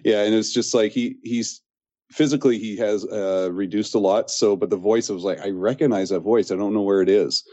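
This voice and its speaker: A man with a fairly low, mellow voice talks in a relaxed podcast chat. He rambles with enthusiasm and keeps restarting his sentences as he goes. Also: brisk. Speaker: podcast co-host. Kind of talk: casual chat.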